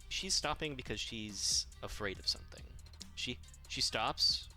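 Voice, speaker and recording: A man's voice: medium pitch, bright, forceful tone. A man narrating a tabletop game as game master, rambling with lots of fillers and frequent laughs.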